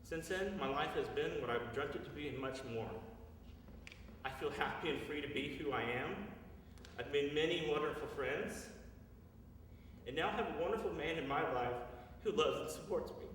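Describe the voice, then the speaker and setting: A man in his thirties tells a personal story on stage in an earnest, confessional manner, his voice bright and clear. He is picked up from far off in a long, echoey hall with faint room noise behind. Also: a little high, normal speed. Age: 30s. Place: stage at a live storytelling show.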